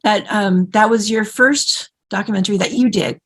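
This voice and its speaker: A woman hosting an interview, asking effusive, halting questions with many restarts. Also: medium pitch. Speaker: interview host.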